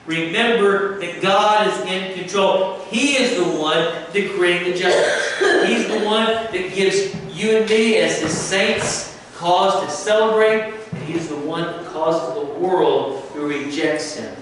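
A man preaching a sermon as pastor, slow and emphatic, dropping at times to a hush. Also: high voice. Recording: echoey room, from far off, faint noise.

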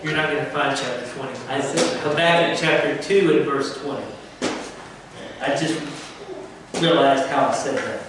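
A man preaching a sermon as pastor, slow and emphatic, dropping at times to a hush. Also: medium pitch. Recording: echoey room, from far off, faint noise.

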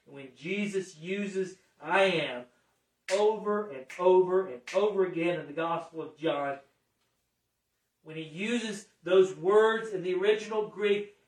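A man delivering a sermon in a fairly high voice, slow and deliberate, building to forceful emphasis and then falling quiet. The sound is roomy and echoing, as though the mic sits some way off. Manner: emphatic, dramatic swings from hushed to raised. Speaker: preacher. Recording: echoey room, mic at a distance.

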